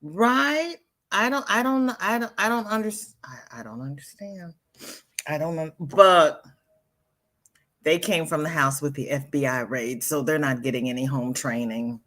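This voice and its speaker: An older woman hosts a live crochet stream, chatting casually with viewers in a deep, fairly bright voice at a moderate pace. She's sassy and emphatic, and often repeats herself.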